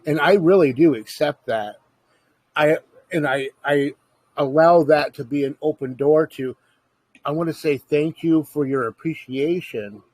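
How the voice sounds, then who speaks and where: A man who is a veteran, speaking slowly and earnestly, with halting, reflective phrasing in a casual chat. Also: medium pitch, a little mellow, breathy edge, no echo. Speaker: veteran in a conversation.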